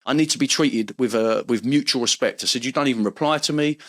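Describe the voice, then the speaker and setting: A man's voice: mid-range voice, fast talker, fairly bright tone. A man who is a guest on a podcast, talking earnestly and passionately in casual conversation and swearing now and then.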